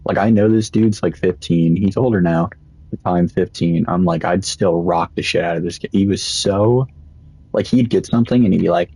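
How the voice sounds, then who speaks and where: A man's voice: sits low, moderate pace, dark tone, slightly rough, low-quality recording. A young man casually commenting while he plays, rambling through stories and swearing often. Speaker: gaming streamer.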